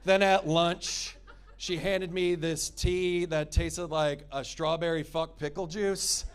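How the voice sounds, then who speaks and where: A man's voice: on the high side, steady tone, takes it slowly, smooth. A young man doing a stand-up comedy set, sarcastic, crude and full of profanity, performing at a comedy show in a gym.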